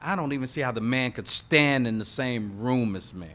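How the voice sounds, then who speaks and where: Guy sharing his story at an aa meeting, bright forceful voice, keeps saying y'all and right. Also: mid-range voice, normal speed. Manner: lively storyteller addressing the room with "y'all" and "right?"; emphatic, rising to loud punches. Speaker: AA meeting speaker. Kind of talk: recovery testimony to a live audience. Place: meeting hall with live audience.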